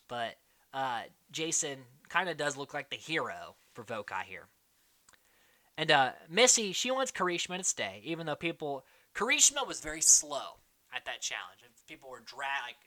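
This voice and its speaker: A podcast host in casual chat, rambling and excitable, packing the talk with fillers. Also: medium pitch. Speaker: podcast host recapping a reality show.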